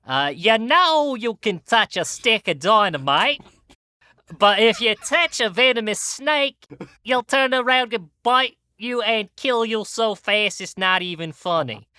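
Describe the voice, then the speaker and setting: Brief: man putting on a loud, drawling mock-Aussie wildlife showman with a Brooklyn twist, crisp and dry. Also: sits high, lively intonation, measured pace, no echo, full character voice. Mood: hammy. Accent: mock Australian mixed with Brooklyn. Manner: exaggerated, drawling, loud, self-mocking. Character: cartoon duelist doing a wildlife showman impression, brash male. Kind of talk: comic impression on a podcast.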